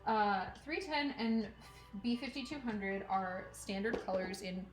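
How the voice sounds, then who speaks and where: A woman's voice: mid-range voice, measured pace. A woman hosting a crafting livestream, chatting casually and giggling while she sorts thread at home, talking to herself and her cat. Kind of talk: casual chat while working. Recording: echoey room, faint music.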